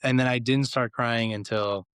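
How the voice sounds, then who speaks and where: A man's voice: medium pitch, steady tone, moderate pace, a bit bright, clean tone, no echo. A man co-hosting a casual podcast chat, telling stories animatedly and acting out quotes with laughs. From Los Angeles. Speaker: guest cohost.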